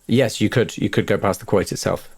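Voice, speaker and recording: Low-voiced man running a tabletop game. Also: brisk, darkish tone, husky. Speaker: game master.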